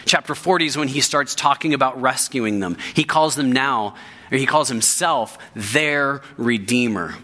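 Bright-voiced man preaching a sermon. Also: mid-range voice, moderate pace. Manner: emphatic, repeats key phrases for weight. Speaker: pastor.

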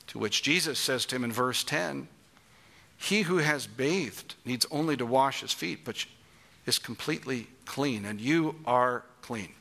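A man's voice: medium pitch, creaky, bright, forceful tone. A middle-aged man preaching a sermon, emphatic and asking the congregation questions.

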